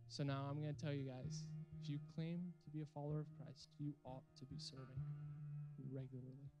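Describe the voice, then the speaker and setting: A man's voice: mid-range voice, steady tone, a little fast, poor audio. A young adult man giving an earnest, emphatic sermon to a youth group, ending with a call to pray and commit. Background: instrumental music.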